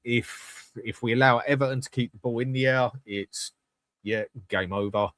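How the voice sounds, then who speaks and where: A man hosting a live stream, talking straight to his viewers in a blunt, chatty way. He swears freely and keeps his voice at an ordinary middle pitch. The sound is dry and close, with no room echo. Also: steady tone, normal speed, a bit bright. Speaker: host of a live fan channel. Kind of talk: live-stream chat reading comments.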